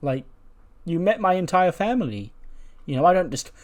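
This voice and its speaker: A man's voice: high voice, very animated, moderate pace, darkish tone, voice pushed up. A man voicing a friendly male wrestler who plays dumb with chummy, feigned innocence. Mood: innocent.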